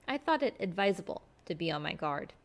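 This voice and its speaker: Woman reading a classic novel out loud, steady, bit of vocal fry. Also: lowish voice, fairly quick. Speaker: storyteller.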